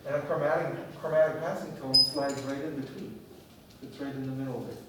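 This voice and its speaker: A man's voice: medium pitch, fairly even intonation, fairly quick. A man teaching a music theory class, lecturing and often checking in with his students with questions. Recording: echoey classroom from far off, faint noise.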